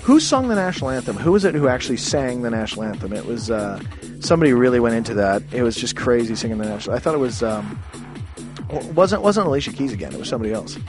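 A man's voice: medium pitch, very animated, fast, music in the background. A man from Canada ranting in a rambling, profane way, with many restarts and sudden exclamations. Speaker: ranting commentator.

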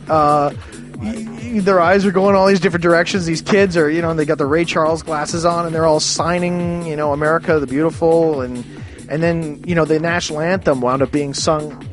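Give me a profane, rambling man from Canada with a slightly high voice and faint music behind him. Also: fairly even intonation, normal speed. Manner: rambling, swearing, restarts, sudden high exclamations. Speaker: ranting commentator.

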